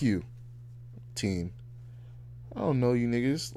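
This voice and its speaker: A man's voice: fairly high pitch, big pitch swings, moderate pace, pauses often, warm tone. A man in his twenties hosting a podcast, ranting casually in a blunt, heated, profane way. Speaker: podcast host. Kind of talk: casual rant.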